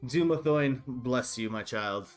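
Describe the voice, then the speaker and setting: A man's voice: mid-range voice, takes it slowly, faint music behind, close to an everyday voice. A man voicing a pious townsman who reassures a player and blesses him in a fatherly way. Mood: reassuring.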